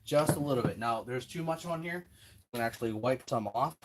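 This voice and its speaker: A man's voice: mid-range voice, fairly quick, background noise. A man hosting a hands-on build tutorial, chatting casually and talking himself through each step with self-deprecating asides, at a home workbench. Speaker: RC hobby tutorial host.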